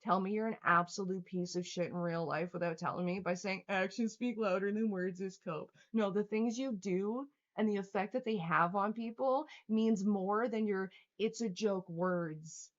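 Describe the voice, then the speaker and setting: A woman's voice: medium pitch, normal speed, hardly any pauses. Furious profane woman ranting on a stream. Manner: profane, heated, sarcastic. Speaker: livestreamer. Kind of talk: angry livestream rant reading chat. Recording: dull lo-fi stream audio.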